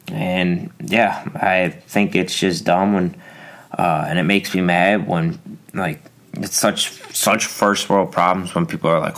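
A man's voice: low-pitched, little pitch movement, moderate pace, fairly bright tone. A young man hosting a solo podcast, rambling through a casual rant with lots of fillers and restarts. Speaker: podcast host.

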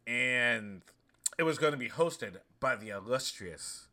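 A man in his thirties hosts a casual monologue, rambling through stories with animated asides. His voice is bright and sits at an ordinary pitch. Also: unhurried. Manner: chatty, storytelling, animated asides. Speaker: host.

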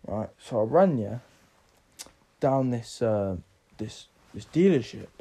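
A man's voice: medium pitch, expressive, slow pace, warm tone, husky. An eighteen-year-old man, drunk, telling a rambling story on his podcast, swearing often. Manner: swearing, rambling, filler-heavy. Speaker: podcast host.

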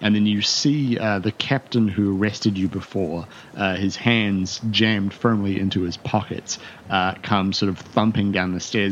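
Low-voiced man running a tabletop game. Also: fairly even intonation, measured pace, dull audio, a little hiss or hum. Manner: rambling, many fillers and restarts. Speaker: game master.

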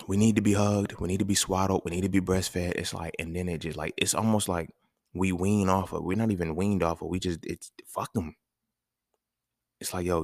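This podcast host has a lowish voice with vocal fry. His casual monologue is emphatic and full of slang and profanity, and he keeps asking his listeners questions. The studio recording is clean, with no echo.

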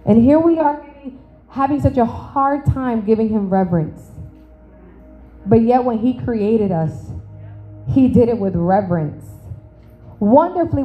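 High-voiced woman preaching a lively sermon. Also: narrow, tinny audio, soft background music. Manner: animated, humorous, acts out conversations; slow, emphatic phrasing on scripture. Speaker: preacher teaching the church. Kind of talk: sermon with storytelling. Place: church service.

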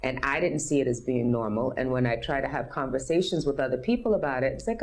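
A woman's voice: a bass voice, quick pace, few pauses. A woman in her fifties from New City, telling her personal story openly and earnestly as an interview guest. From New York City. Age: 50s. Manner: earnest, open, acts out others' voices in quotes.

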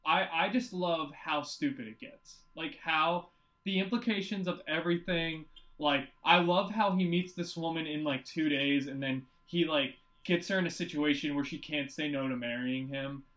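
A young man with a fairly high voice recapping a film in a loose, rambling way. He swears freely and talks in animated bursts. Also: normal speed, low-quality recording. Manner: animated, profane, rambling retelling. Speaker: podcast co-host. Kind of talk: casual movie-review chat.

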